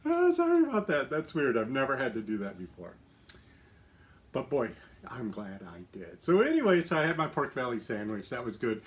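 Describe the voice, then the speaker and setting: A man's voice: medium pitch, wildly swooping pitch, moderate pace, a little hiss or hum. A middle-aged man hosting a casual live stream from his home, chatty and upbeat, laughing often and using plenty of fillers. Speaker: lifestyle livestream host.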